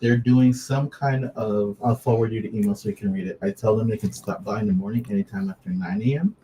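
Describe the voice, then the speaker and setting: A man's voice: on the low side, a little fast, dark tone, a little hiss or hum, low-quality recording. A man talking with a coworker about plans in a matter-of-fact, teasing way. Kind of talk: casual workplace chat.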